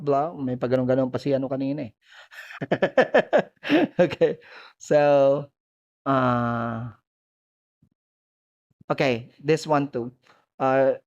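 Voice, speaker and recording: A man's voice: medium pitch, creaky, darkish tone, muffled recording. A man with a Filipino accent, training teachers and giving feedback on their demo classes in a hesitant, encouraging way. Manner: hesitant, many fillers and restarts, encouraging. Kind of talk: feedback on demo classes, mixing English and Tagalog.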